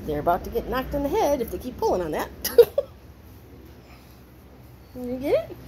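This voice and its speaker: High, lilting woman cooing at puppies. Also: wildly swooping pitch, normal speed. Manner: playful sing-song baby talk, cheering and praising. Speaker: dog breeder filming her puppies. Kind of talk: casual talk to puppies while filming. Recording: noisy room with puppies.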